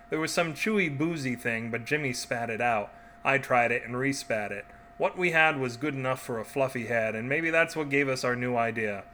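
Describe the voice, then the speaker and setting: A man hosting a story podcast, trading wry jokes with his listeners before reading a short story aloud. His voice is bright and forceful, with a faint hum behind it. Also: mid-range voice. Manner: wry, joking asides.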